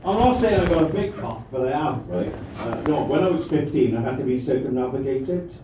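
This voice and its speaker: A man's voice: mid-range voice, lively intonation, a little fast, background noise. A man doing a crude, rambling stand-up routine and bantering with the crowd. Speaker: stand-up comedian. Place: comedy club stage. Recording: echoey room, mic from a distance.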